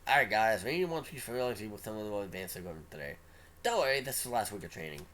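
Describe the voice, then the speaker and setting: A man voicing a brash male military trainer, talking in a loud, commanding way in a game read-aloud. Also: fairly low pitch, expressive, very fast.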